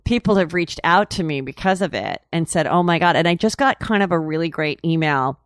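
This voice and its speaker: As an interview guest, this woman tells stories casually, chatty and candid, laughing along and peppering her rambling talk with "like" and "you know." Her deep voice is expressive and fairly quick. The studio recording is clean, with no echo.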